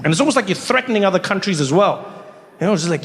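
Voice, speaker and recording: A man's voice: high-pitched, lively intonation, rapid-fire, a bit bright, big-room sound, faint music behind. A man doing stand-up comedy, telling stories animatedly and asking rhetorical questions. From South Africa. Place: comedy stage before a live audience.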